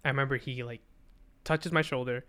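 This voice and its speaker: A man's voice: medium pitch, fairly even intonation, a little fast, a bit bright, clean tone. A young man, a podcast guest, telling a story in casual chat, swearing often and acting out dialogue.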